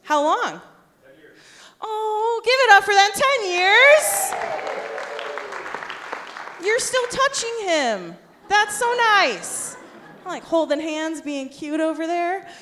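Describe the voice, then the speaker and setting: A woman in her thirties hosting a live stand-up comedy show, with high-energy crowd work and self-deprecating jokes. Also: lively intonation, slow, long pauses, noisy background. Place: live stage in a theater.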